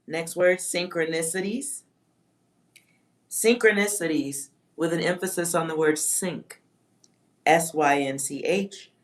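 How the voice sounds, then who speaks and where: A woman gives a live-stream psychic reading for her chat, her voice sitting low. She muses aloud, reads out words, spells some of them, and swears offhand.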